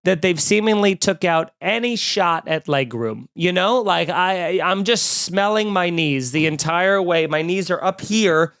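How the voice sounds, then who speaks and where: Snarky man ranting, smooth clear voice. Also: high voice, unhurried, few pauses. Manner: snarky, animated, mocking voices in quotes. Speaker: comedian podcast host. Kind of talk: comedic rant.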